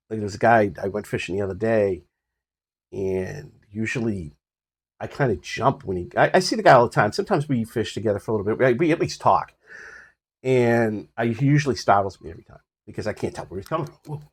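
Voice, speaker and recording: An older man with a husky voice casually rambling about his health on a phone recording, full of fillers and restarts. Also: lowish voice. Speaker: vlogger sharing his health journey. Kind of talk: casual personal update to camera.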